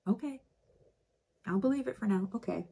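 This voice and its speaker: A woman's voice: on the high side, normal speed, gravelly, warm tone, husky. A woman voices a shrewd old grandmother who trusts no one. She sounds dry and skeptical.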